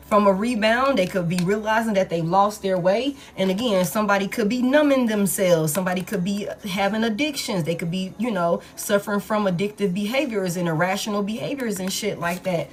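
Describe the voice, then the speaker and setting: Blunt, profane woman tarot reader. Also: medium pitch. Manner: blunt, profane, emphatic repetition. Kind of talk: casual tarot reading monologue.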